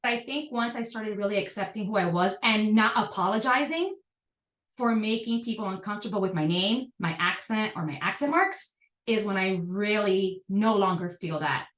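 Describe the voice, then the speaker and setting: A woman in her thirties shares personal stories as a podcast guest. Her pitch sits mid-range for a woman and jumps sharply upward when she stresses a point. The recording has a noticeable echo of the room around her. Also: moderate pace. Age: 30s. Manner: animated, leaps up in pitch when emphatic. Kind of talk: personal storytelling in conversation. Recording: echoey room.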